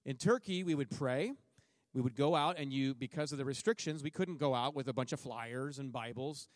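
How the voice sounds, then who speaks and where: A man's voice: mid-range voice, normal speed, no room sound, studio quality. A middle-aged man speaking to a church as a missionary, telling a story with jokes and acting out what people said. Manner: joking storyteller, acts out his own and others' words. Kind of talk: sermon testimony.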